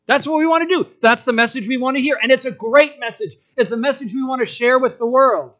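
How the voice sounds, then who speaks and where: A man preaching a sermon, telling the story in an animated way and acting out quotes in different voices. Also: very high-pitched, normal speed.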